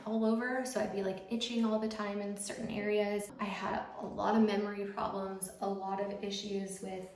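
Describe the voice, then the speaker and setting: Getting ready at home, a woman in her thirties gives a chatty get-ready-with-me talk for YouTube, packed with fillers and hardly any pauses. Her voice is mid-range, level and darkish at normal speed, recorded with roomy echo and slight background noise.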